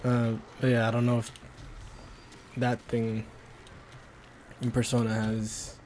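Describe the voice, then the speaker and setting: A man's voice: mid-range voice, completely flat delivery, takes it slowly, darkish tone, a little hiss or hum. A man streaming a game, chatting casually with rambling, stumbling commentary. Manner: rambling, self-correcting, stumbles over words.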